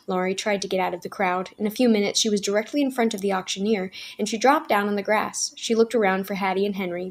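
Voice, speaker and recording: A woman storyteller gently and expressively reading a children's novel aloud. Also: mid-range voice.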